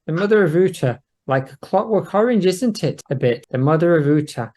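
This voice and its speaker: A man's voice: on the high side, animated, brisk, a little mellow. A man co-hosting a casual podcast chat, playfully describing and quoting cartoon clips as he goes. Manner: narrates clips with playful quoted voices. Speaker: podcast co-host.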